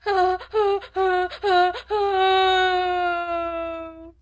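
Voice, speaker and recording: A woman's voice: very high-pitched, fairly even intonation, extremely slow, fairly bright tone, voice pushed up, exaggerated voice. A small girl howling in sobs. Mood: wailing. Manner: howling, broken sobbing words. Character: small spoiled girl, wailing and sobbing.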